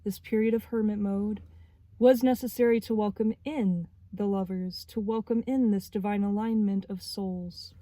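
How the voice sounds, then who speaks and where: Woman in her twenties, spiritual reader; warm low-key tone, pauses to find words, heartfelt. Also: fairly even intonation, no room sound. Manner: halting, searching for words. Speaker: tarot reader. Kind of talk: spiritual tarot reading.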